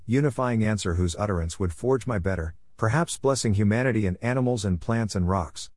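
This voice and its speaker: A man reading his own reflective story in a measured, wry way. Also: fairly low pitch, a little mellow, no room sound, clean studio sound. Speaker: narrator.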